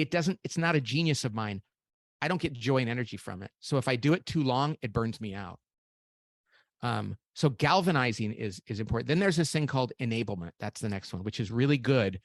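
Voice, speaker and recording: A middle-aged man, a guest author on a podcast interview, explaining ideas in a lively way, acting out quoted voices and often restarting sentences. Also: mid-range voice, no room sound. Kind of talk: animated interview talk.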